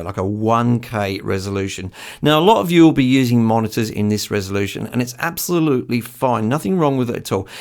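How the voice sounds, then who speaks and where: Gravelly-voiced man hosting a software tutorial. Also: medium pitch. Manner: chatty and enthusiastic, with frequent ums. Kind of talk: screen-recorded software tutorial.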